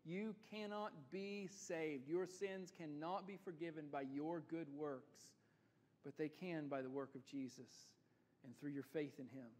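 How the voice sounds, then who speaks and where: A man's voice: a little high, darkish tone. A male pastor preaching a sermon in a church, earnest and building to emphatic repetition. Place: church sanctuary. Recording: church hall with long reverb.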